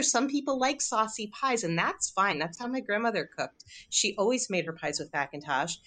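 A woman guest on a studio radio show talks with enthusiasm, filling her explanations with small ums and you-knows. Her voice sits a little low for a woman. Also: a bit bright. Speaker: cookbook author guest. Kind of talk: radio interview.

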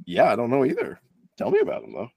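A man's voice: mid-range voice, wildly swooping pitch, fast talker, creaky, a little mellow, breathy edge, no echo. Guy cracking jokes on a podcast, voice jumps around a lot, dry sound. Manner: wisecracking, laughing, lots of fillers. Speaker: podcast co-host. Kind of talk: casual chat.

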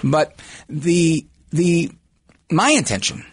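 Male talk radio host, brash, animated, lively swooping pitch, slightly husky, dry studio mic. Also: takes it slowly, no echo. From United States, Puerto Rican descent. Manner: brash, animated, self-assured. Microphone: studio microphone.

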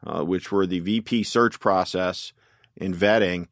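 A man's voice: sits low, fairly even intonation, measured pace, no room sound, clean studio sound. A man, a political campaign strategist, telling anecdotes in an interview, often quoting others and saying "you know.". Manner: anecdotal, quotes people at length, frequent "you know". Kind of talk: interview storytelling.

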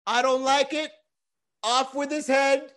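A man's voice: very high voice, steady tone, takes it slowly, fairly bright tone, pitched above the performer's own voice, full character voice. A man voicing a haughty female heckler who demands to be entertained and scorns every joke, in a profane, imperious manner.

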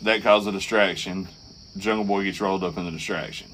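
A man co-hosting a podcast, recapping wrestling in casual, profane, animated chat. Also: sits low, brisk, slight background noise. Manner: profane, animated storytelling with acted quotes. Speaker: podcast co-host.

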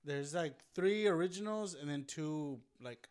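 A man's voice: a little high, measured pace, a little mellow, clean tone. Easygoing man in casual chat.

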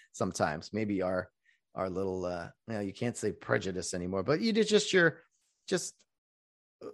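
A man who works as a rideshare driver, talking casually in a rambling vlog monologue. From California. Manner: rambling, restarts often, lively pitch.

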